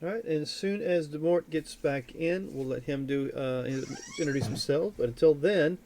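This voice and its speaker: A man runs a live tabletop game as its game master, with a somewhat high voice. He talks in a chatty, rambling way and corrects himself mid-sentence as he works through announcements. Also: moderate pace, a little mellow, a little hiss or hum. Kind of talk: casual live-stream chat and announcements.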